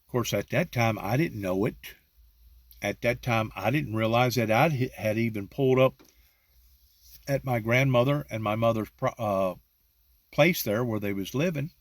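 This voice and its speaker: Man, middle-aged, personal testimony, drawn-out delivery, dry close sound. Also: mid-range voice, dry recording. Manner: slow, drawn-out storytelling with rising emphatic peaks.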